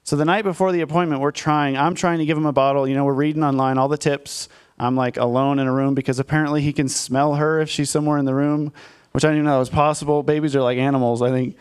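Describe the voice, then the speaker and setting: Male pastor in his thirties, conversational sermon; candid, self-mocking storyteller with a smooth, clear voice pitched a bit high. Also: flat delivery, fast, hardly any pauses. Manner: candid, self-deprecating storytelling with frequent fillers.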